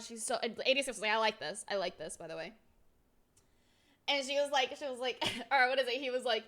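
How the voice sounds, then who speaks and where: A young woman streamer chatting casually and telling a rambling, excitable story, her voice swinging between loud and soft. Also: high-pitched, quick pace. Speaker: VTuber streamer.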